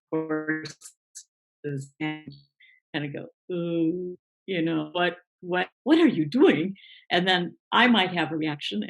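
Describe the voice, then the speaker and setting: A woman with a lowish, gravelly voice talks through ideas as a guest in a live online interview. She explains in a relaxed, unhurried way, leaning on fillers as she goes. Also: rough recording. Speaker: guest coach.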